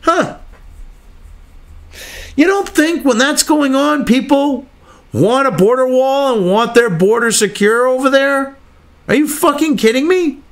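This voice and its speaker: A man's voice: extremely high pitch, unhurried, long pauses. A man reading news articles aloud and cutting in with angry, profane, sarcastic rants, as host of his own commentary show.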